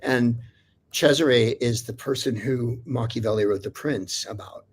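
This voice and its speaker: A man with a mid-range voice and measured pace guests on a livestream talk show, with slight background noise. He tells long, rambling anecdotes that wander off course, full of restarts and fillers.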